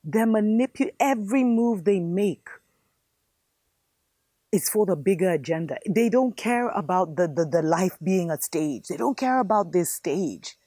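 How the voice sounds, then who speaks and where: Woman host, fervent, preachy, low-pitched, dry close sound. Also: expressive, unhurried, warm tone, no room sound. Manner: fervent, preachy, addresses viewers as family. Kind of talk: impassioned spiritual commentary monologue.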